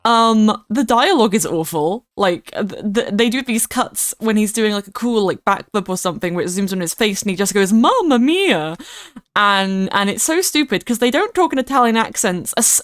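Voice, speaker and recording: A woman livestreams her gameplay in a casual, rambling chat, stopping often to greet viewers by name. Her voice is smooth and clear, and it sounds close and dry, with no room echo. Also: medium pitch, expressive, moderate pace. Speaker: streamer.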